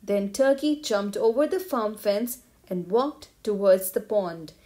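A woman narrating a children's picture book aloud, in a clear, even storytelling manner. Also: medium pitch, measured pace.

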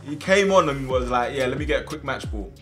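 A young man giving casual, slangy commentary over his own football video game matches, with sudden loud outbursts at big plays. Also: medium pitch, expressive, fairly quick, faint music behind. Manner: casual slangy chat to viewers. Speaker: gaming video host. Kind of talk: live gameplay commentary.

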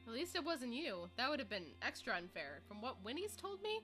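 A woman's voice: a little high, very animated, a little fast, sharp tone, soft background music. A tipsy woman streaming a game, chatting casually and laughing often. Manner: giggly, laughs a lot. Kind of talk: casual let's-play chat.

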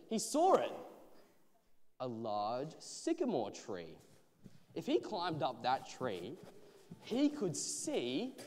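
A man telling a children's Bible story on a church stage, with expressive, drawn-out phrasing. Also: mid-range voice. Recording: church hall reverb.

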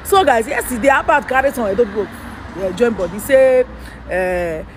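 A man's voice: very high voice, expressive, moderate pace, a little hiss or hum. A man from Edo State with a Nigerian Pidgin accent, delivering a fired-up political rant full of rhetorical questions as a vlogger.

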